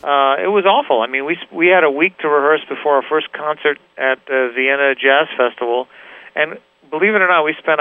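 A man calling in over a tinny phone line, telling stories as the interview guest. His voice is smooth and resonant, and the sound is dry and close. He rambles a little, with many "you know"s and restarts. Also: on the high side, no echo. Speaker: guitarist guest. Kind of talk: casual interview chat.

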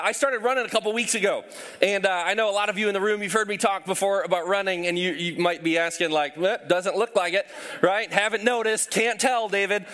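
A man's voice: sits high, fairly bright tone, clean tone. A man preaching a sermon to a congregation, telling a personal story with self-deprecating humor and acting out voices. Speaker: pastor.

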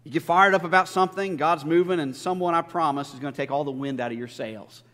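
A man's voice: a little high, fast talker, fairly bright tone. A male pastor giving a conversational, emphatic sermon full of stories. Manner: conversational, emphatic preaching with storytelling. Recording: long reverb of a large church hall.

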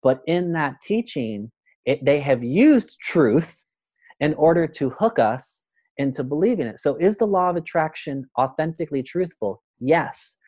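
A man's voice: fairly high pitch, a little slow, no echo, clean studio sound. A man, a guest on a spiritual podcast, speaking earnestly and acting out little voices as he makes his points. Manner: earnest, animated, acts out voices in quotes. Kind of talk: spiritual conversation.

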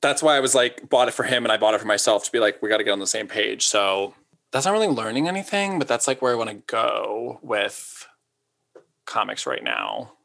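A man's voice: on the low side, big pitch swings, vocal fry, a bit bright. A young man chatting casually as a podcast co-host, rambling and filling his talk with "like". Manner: rambling, lots of "like", quick asides. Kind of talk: casual chat.

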